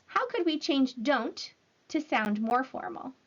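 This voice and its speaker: Clear, encouraging woman teacher, higher voice. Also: very animated. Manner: slow, clear, encouraging teacher talk to children. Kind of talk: recorded online language lesson. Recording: slightly dull lo-fi audio.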